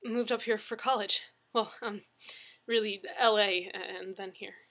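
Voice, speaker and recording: Frightened young man, stammering, shaky, bright tone, audiobook, woman reading. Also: mid-range voice, fairly even intonation, measured pace. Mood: shaken. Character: frightened young man, injured college graduate.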